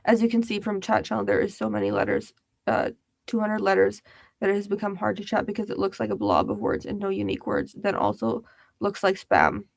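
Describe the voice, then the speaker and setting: A woman's voice: medium pitch, animated, brisk, creaky, no room sound. A young woman hosting a casual livestream, chatty and giggly, reading viewers' comments aloud. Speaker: livestream host.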